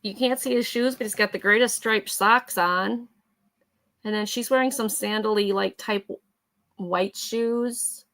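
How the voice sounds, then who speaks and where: A woman's voice: mid-range voice, steady tone, unhurried, a bit bright. A middle-aged woman hosting a live vintage photo sale, chatting casually as she describes each item. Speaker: host selling vintage photos.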